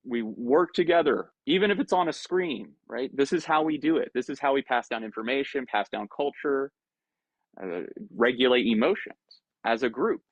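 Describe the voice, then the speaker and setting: Man giving a lively dharma talk. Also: medium pitch, normal speed, no room sound, lo-fi sound. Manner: conversational, animated, acts out inner voices. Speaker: Buddhist teacher. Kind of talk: dharma talk to an online group.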